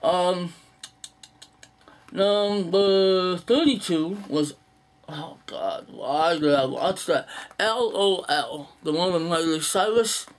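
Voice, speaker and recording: A young man with a slightly high voice, rambling through an unedited list in a casual monologue. He is blunt and profane, sighing and stalling with fillers as he goes. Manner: blunt, profane, dismissive opinions; sighs and halting fillers. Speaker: movie vlogger.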